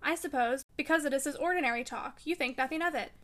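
A woman reading the part of a stiff, indignant gentleman master of the house in an audiobook. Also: sits high, fast talker. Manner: indignant and commanding.

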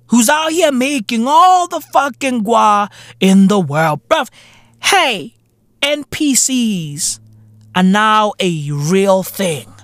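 Lively, slow-ranting man with British slang. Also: very high-pitched, no echo, clean studio sound. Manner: animated, profane, slangy, laughing between lines. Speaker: podcast host. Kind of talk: comedic rant monologue.

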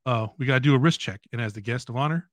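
A man in the middle of his range hosts a podcast at a quick clip. His talk is loose and friendly and full of fillers. The recording is close and dry. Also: mid-range voice, no room sound. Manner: fast, loose, many fillers like "you know". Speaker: podcast host. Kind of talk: casual interview chat.

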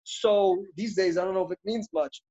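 A man's voice: high voice, steady tone, moderate pace, warm tone. A middle-aged man, an actor being interviewed, talking in an intense, passionate, reflective and rambling way. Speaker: actor guest. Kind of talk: interview conversation. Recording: dull lo-fi audio.

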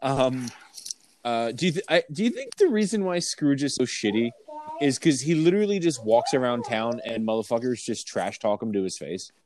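A man in loose conversation about a film, swearing freely and laughing at his own jokes. He works through notes as he goes, unhurried and chatty. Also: mid-range voice, very animated, background noise. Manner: joking, profane, reads from notes. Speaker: podcast co-host. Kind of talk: casual movie-discussion chat.

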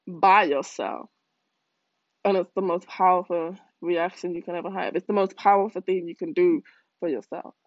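A man's voice: high-pitched, dry recording. A man hosting a podcast, giving an earnest, slangy motivational monologue that often corrects itself along the way. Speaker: podcast host. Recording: dull, dry lo-fi audio.

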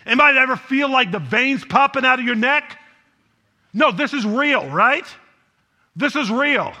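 A man preaching a sermon with a high, piercingly bright voice. He talks conversationally and keeps throwing questions out to the congregation. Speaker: pastor.

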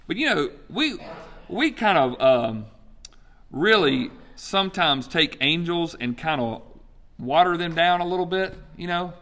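A male pastor with a fairly high voice, preaching in a loose, conversational style. He is animated and quick to joke between points. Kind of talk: sermon.

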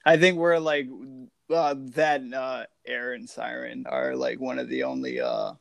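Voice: medium pitch, lively intonation, measured pace, creaky, dry recording. A podcast host in casual chat, laid-back and dropping in short remarks.

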